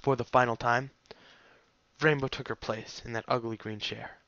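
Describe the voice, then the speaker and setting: Male narrator, measured storybook reading, bright tone, dull lo-fi mic. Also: medium pitch, steady tone, no echo. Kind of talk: audiobook reading of fan fiction.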